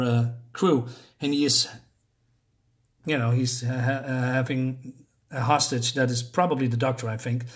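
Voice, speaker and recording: A man casually recapping a comic book story with many restarts and fillers. He gets excited and laughs at the gory moments. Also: medium pitch.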